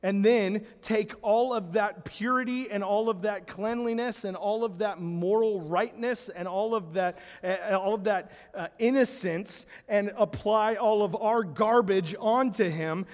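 Guy preaching, high voice, acts out the bible lines, echoey hall. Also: measured pace, hardly any pauses. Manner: animated storytelling, acts out biblical dialogue. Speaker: pastor. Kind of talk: sermon.

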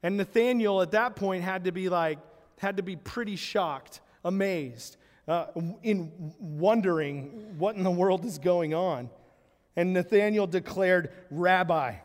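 A man preaching a sermon in an animated storytelling way, acting out the biblical characters' lines as he goes. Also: high voice, in a large hall. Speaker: pastor.

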